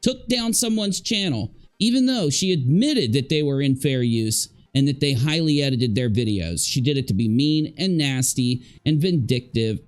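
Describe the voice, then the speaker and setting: Sarcastic man hosting a live stream. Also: on the high side. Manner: sarcastic, mocking; chatty, explaining to viewers. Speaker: streamer host.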